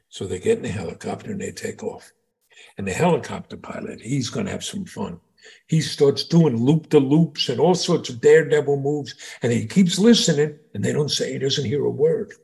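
A middle-aged man from New York co-hosts a casual chat, telling jokes and reading out news stories. His voice has a gravelly fry, and he tells stories with animated energy. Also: medium pitch, normal speed. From New York, USA. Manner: animated storyteller, reads stories aloud. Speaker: podcast co-host, father.

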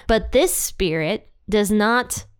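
A young woman talks through a Bible passage on her own podcast in a loose, conversational way, thinking aloud and tossing out her own guesses. Her voice is smooth and clear at a middle pitch. The sound is dry and close, with no room around it. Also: expressive, takes it slowly, no room sound. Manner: chatty, thinks aloud with fillers and speculation. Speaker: podcast host teaching the Bible. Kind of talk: casual Bible teaching podcast.

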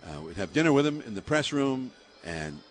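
With a mid-range voice and a brisk pace, an older Bay Area baseball broadcaster recounts animated stories during an interview, laughing frequently and filling his speech with fillers.

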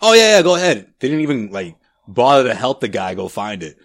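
A man's voice: mid-range voice, big pitch swings, brisk, no room sound. Young man chiming in on a podcast. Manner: chiming in, laughing, addresses listeners. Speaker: podcast co-host. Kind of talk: casual chat.

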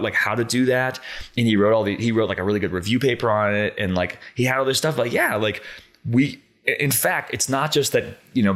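A man in his thirties, a conservation scientist, casually telling an animated, rambling story in an interview and filling it with many filler words. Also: fairly low pitch.

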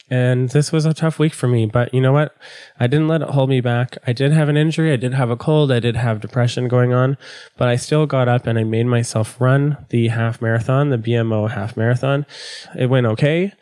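A man's voice: medium pitch, dark tone, no echo, studio quality. A man hosting a solo podcast, his voice nasal from a cold, speaking earnestly and pleading with listeners. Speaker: podcast host.

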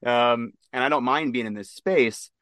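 A man from Nebraska, a military veteran, telling his story as an interview guest, halting, with many fillers and restarts. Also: mid-range voice, a bit bright, no echo, studio quality. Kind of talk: casual spoken storytelling.

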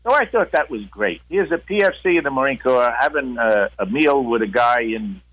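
A man's voice: medium pitch, animated, normal speed, fairly bright tone, poor audio. Older man telling a long war story. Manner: rambling, with frequent "uh" and acted-out quotes. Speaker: guest, veteran storyteller. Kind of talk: storytelling interview.

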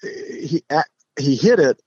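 Husky middle-aged man telling stories. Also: a little high, slow pace, dry recording. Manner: animated, restarts, acts out quotes. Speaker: podcast guest, pro golfer. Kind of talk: casual storytelling. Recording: dull lo-fi podcast audio.

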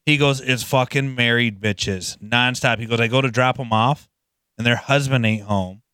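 A man's voice: medium pitch, moderate pace, sharp tone, clear, resonant tone, no echo, studio quality. A man co-hosting a trades podcast, telling profane stories in casual chat. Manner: profane storytelling, quoting others. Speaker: podcast co-host.

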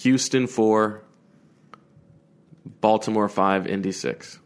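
A man with a fairly low voice co-hosts a casual sports podcast from a remote call. He trades dry, joking banter in a relaxed way. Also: slow pace. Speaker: podcast co-host.

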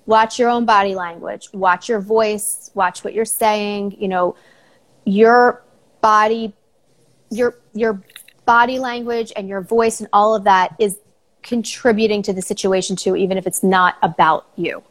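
A woman's voice: mid-range voice, fairly even intonation, measured pace. Earnest, advice-giving middle-aged woman. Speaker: psychologist guest. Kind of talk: casual podcast chat.

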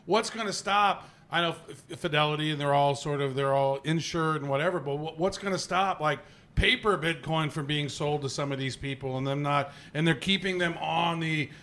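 A man's voice: fairly high pitch, normal speed, sharp tone. A man co-hosting a casual podcast, rambling and playful, fond of putting on silly voices. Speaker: podcast co-host. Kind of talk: casual chat.

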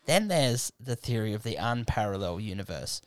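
A man's voice: lowish voice, big pitch swings, fairly quick, smooth, dry recording, clean studio sound. A young man, hosting a casual podcast chat, rambling through stories and swearing freely. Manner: rambling storyteller, swears freely, acts out friends' voices. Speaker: podcast host.

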